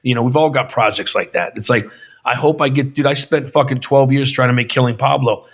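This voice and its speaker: A film director talking casually as a podcast guest, swearing freely and acting out other people's lines with emphasis. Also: male voice, medium pitch, brisk. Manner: profane, emphatic storyteller acting out quotes. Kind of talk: casual conversation.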